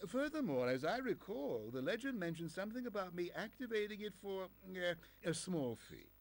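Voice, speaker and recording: A man's voice: high-pitched, sing-song, moderate pace, full character voice. An actor playing a greedy, scheming bear merchant in a video game, with a British accent and smug salesman patter. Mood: sly.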